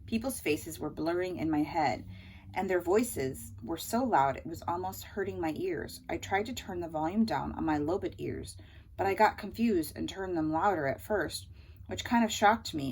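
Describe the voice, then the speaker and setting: A woman reading a children's novel aloud in a lively first-person voice. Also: on the low side, moderate pace, gravelly, a little hiss or hum, rough recording. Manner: lively first-person narration as a young boy. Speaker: audiobook reader.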